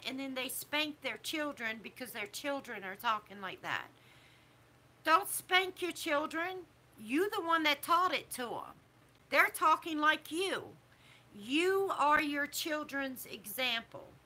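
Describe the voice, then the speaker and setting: Slow, bright-voiced woman. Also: high voice. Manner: disapproving, preachy, drawn-out emphatic phrasing. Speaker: vlogger. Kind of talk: casual opinion talk to camera.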